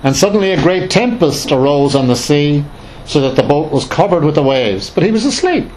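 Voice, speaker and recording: A man's voice: a little high, normal speed, darkish tone, a little hiss or hum, rough recording. A man leading an informal Bible study, reading scripture aloud and explaining it in a conversational, emphatic way with many fillers and restarts.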